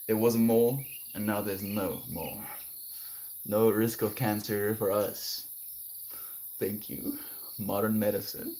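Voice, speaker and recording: A man livestreaming, chatting gently and affectionately with viewers about kindness and spirituality. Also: fairly even intonation, a little slow, pauses often. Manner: gentle, spiritual, affectionate, breaks into high laughing bits. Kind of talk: casual chat reading viewer comments.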